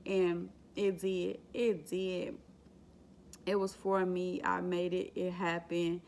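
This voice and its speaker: A woman's voice: lowish voice, little pitch movement, takes it slowly, gravelly, a little mellow, slight background noise. A woman vlogger telling an emotional, faith-filled personal story in a casual, repetitive way. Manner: exclaims and laughs while retelling. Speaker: vlogger sharing her exam story.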